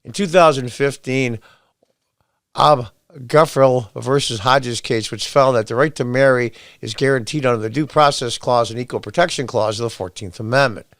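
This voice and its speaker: A man's voice: medium pitch, normal speed, fairly bright tone, dry recording, studio quality. Blunt, sarcastic male commentary host. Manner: reads quotes aloud, then rants back at them. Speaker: podcast host. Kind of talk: opinion commentary monologue.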